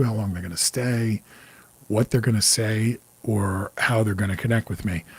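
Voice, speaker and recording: Man, 40s, low husky voice, dry close sound; relaxed, blunt livestream host who chats with viewers. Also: dry recording. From New York area. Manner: candid, loose, curses freely, greets viewers. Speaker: psychic medium host. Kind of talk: casual livestream talk.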